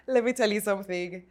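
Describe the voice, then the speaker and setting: A woman hosting an interview, effusive and admiring of her guest. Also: fairly low pitch. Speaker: host.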